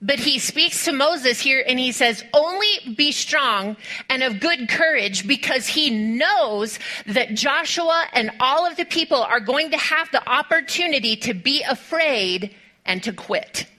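Bright-voiced woman preaching a sermon. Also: high voice, unhurried. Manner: animated storytelling with rhetorical questions; addresses the congregation directly.

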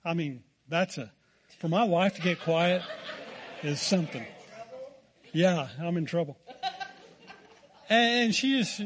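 A man's voice: high voice, unhurried, long pauses, a bit bright, a little hiss or hum. A man with an American accent preaching a sermon, telling a folksy, self-deprecating story. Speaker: pastor.

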